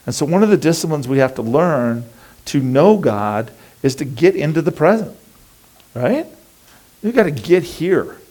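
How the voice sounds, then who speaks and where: Male pastor, relaxed talky sermon delivery, slips into quick imitations of worried thoughts. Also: on the high side. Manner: conversational and animated, acting out inner voices.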